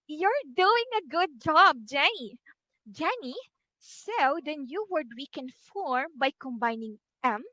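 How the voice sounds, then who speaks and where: A woman teacher with a Filipino English accent, giving a slow, encouraging online phonics lesson to a child and modelling each sound for her. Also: high-pitched, bright, forceful tone, no echo, low-quality recording.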